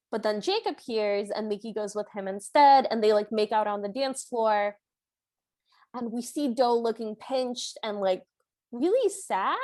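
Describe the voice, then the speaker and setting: A woman with a mid-range, slightly mellow voice co-hosts a podcast, recapping a film. Her storytelling is casual and chatty, packed with filler words and frequent "like."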